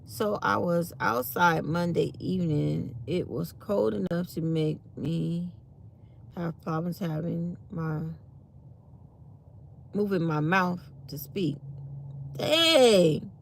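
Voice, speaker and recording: A woman's voice: on the low side, fairly even intonation, slow pace, vocal fry, slight background noise. A tired woman hosting a casual morning chat with her viewers, reading comments aloud as she talks. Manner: chatty, reads live comments aloud. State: tired and yawning. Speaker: channel host.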